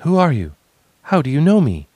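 A man's voice: fairly low pitch, very animated, moderate pace, dry recording, pitched above the performer's own voice. A man voicing a fierce, angry young half-dragon woman who speaks harshly.

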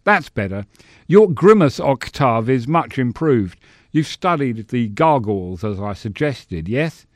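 A man's voice: medium pitch, sing-song, a little slow, no echo. A man voicing a smug, suave older theatre director giving notes with dry irony, in a storybook reading.

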